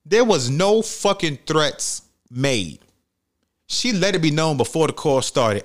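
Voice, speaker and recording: A man's voice: a little high, very animated, slow pace. A young man from New York City hosting a podcast, giving blunt, profane, heated commentary in casual talk. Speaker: podcast host.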